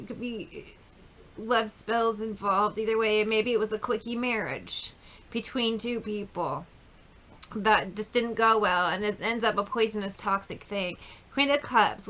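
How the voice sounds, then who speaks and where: A woman's voice: mid-range voice, a bit bright. A woman giving a casual tarot reading, chatty and blunt, swearing freely as she tells a story. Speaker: tarot reader.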